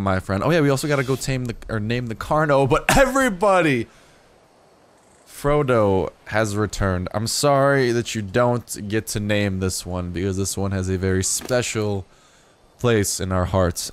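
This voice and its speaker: A young man with a lowish voice jokes his way through gameplay commentary as a YouTuber. His talk is casual and meandering, broken up by sudden bursts of excitement.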